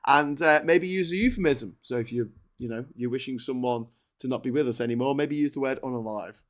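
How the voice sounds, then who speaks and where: A man's voice: medium pitch, fairly quick. A man hosting a casual political chat show, chatty and rambling, swearing and laughing as he goes. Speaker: host.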